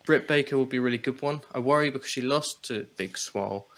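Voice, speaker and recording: Male co-host, bright tense tone, animated casual chat about wrestling. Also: mid-range voice, quick pace. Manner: animated, laughs, swears casually. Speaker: podcast co-host.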